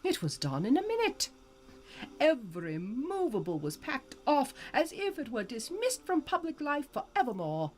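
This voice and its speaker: A woman streamer giving a live, expressive reading of a classic novel. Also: sits high, moderate pace.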